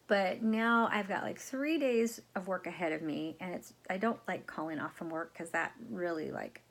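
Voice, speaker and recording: A woman's voice: on the low side, moderate pace, creaky. A middle-aged woman telling a long personal story to camera in a casual, rambling vlog, with many fillers and acted-out quotes. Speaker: crafting vlogger.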